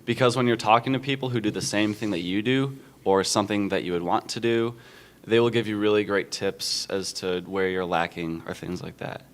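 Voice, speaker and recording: A young man giving casual advice on a convention panel, relaxed and chatty with frequent fillers. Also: fairly low pitch, brisk.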